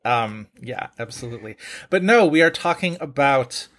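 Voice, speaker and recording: A man's voice: medium pitch, expressive, moderate pace, a bit bright. A man hosting a podcast, chatting casually and joking, with frequent fillers. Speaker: podcast host.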